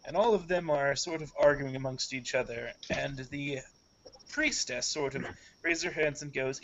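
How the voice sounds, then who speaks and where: A man's voice: medium pitch, moderate pace, a bit bright. A man narrating a tabletop game as game master, casual with frequent hedging fillers, in dull lo-fi audio.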